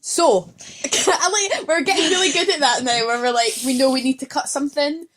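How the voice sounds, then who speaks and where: Young woman, podcast host, a bit drunk; loose, rambling, profane chat, higher pitch. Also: brisk, fairly bright tone. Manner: rambling, swears freely. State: tipsy. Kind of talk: casual chat.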